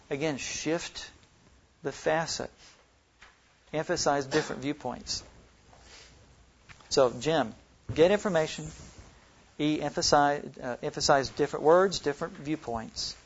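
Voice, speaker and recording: Man, Bible study teacher, slightly high voice, dull lo-fi recording, slows to stress words. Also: slightly rough. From Oklahoma and Texas. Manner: slows down to stress single words when reading scripture.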